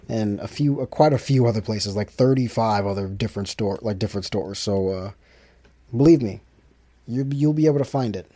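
Low, mellow-voiced man rambling casually. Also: moderate pace. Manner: rambling, with many restarts and fillers. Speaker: independent musician hosting his own podcast. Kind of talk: casual solo monologue.

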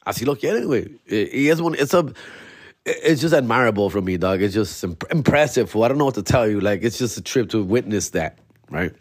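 A young adult man, a comedian hosting his podcast, telling stories in a slangy, animated way and dropping words, a bit hungover. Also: lowish voice, a little fast, no room sound, clean studio sound. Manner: slangy, animated, peppered with "fool" and "bro". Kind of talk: casual storytelling monologue.

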